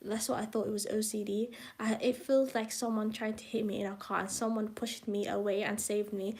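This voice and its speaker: A woman's voice: mid-range voice, flat delivery, fairly quick, a little mellow. A young woman live-streaming, reading from her own book in a rambling, self-conscious way, breaking off with asides to her viewers. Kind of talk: live casual reading and chat.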